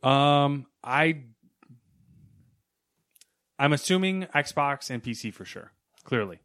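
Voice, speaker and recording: A man co-hosting a casual podcast, dry and deadpan, reading out news items between chat. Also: medium pitch, slow pace, clear, resonant tone. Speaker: podcast co-host.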